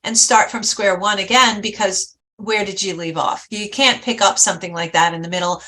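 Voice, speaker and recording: A woman talk-show host and success coach, chatty and animated, acting out quotes as she tells a story. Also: mid-range voice, moderate pace.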